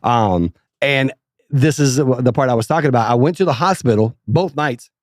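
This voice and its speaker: Brief: middle-aged man from Kentucky, easygoing storyteller, mid-pitched voice, dry close mic. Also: lively intonation, normal speed, dry recording. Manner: laid-back storytelling with many fillers. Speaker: podcast co-host. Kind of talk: casual chat.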